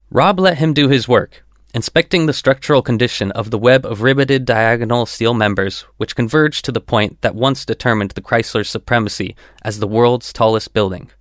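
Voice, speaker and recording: A man narrating a written story in a measured, descriptive way. His voice sits at a middle pitch, and the recording is dry and close with no room sound. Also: a bit bright, no room sound. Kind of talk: scripted narration.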